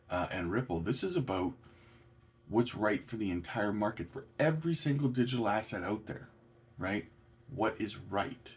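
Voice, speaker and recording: A man talks through documents in a casual commentary. His voice sits low, but he rises sharply when something strikes him as outrageous. He is indignant and halting, full of restarts and fillers. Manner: indignant, rising to incredulous peaks. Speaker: crypto commentator.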